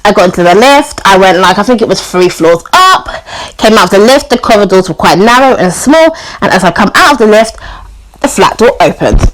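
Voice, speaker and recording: A woman's voice: medium pitch, expressive, fairly quick, poor audio. A woman telling a personal story on her vlog in a chatty way, full of "you know" and "like", acting out the people she quotes. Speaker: YouTuber.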